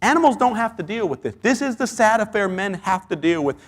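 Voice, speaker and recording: Male pastor, high voice, earnest sermon delivery with lots of rhetorical questions. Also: expressive, brisk, a bit bright.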